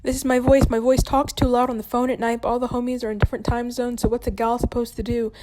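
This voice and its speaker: A woman's voice: a little high, flat delivery, quick pace, background noise. A young woman performing spoken word in a playful, breezy way.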